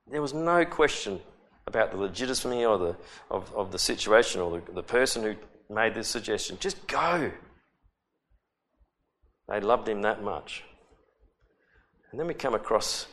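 A male Bible teacher walks his listeners through a passage as a story. He keeps it lively with rhetorical questions and vivid retelling. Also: mid-range voice.

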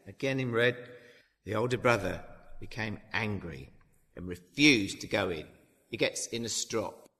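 A preacher with a bright, lively voice that rises and falls a lot as he talks. He adds chatty tag questions and acts out the dialogue, and the long reverb of a large hall trails behind every line. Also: on the high side. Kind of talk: sermon.

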